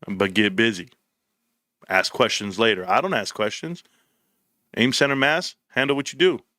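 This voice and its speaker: Blunt, bright-voiced man. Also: mid-range voice, moderate pace, dry recording, studio quality. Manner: blunt, animated storytelling with slang. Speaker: livestream host. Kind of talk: casual livestream chat.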